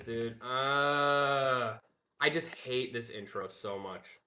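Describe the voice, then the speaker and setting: A man's voice: mid-range voice, takes it slowly, bright, forceful tone, faint music behind. A man commentating his live speedrun, nervous and apologetic, stammering and restarting his sentences.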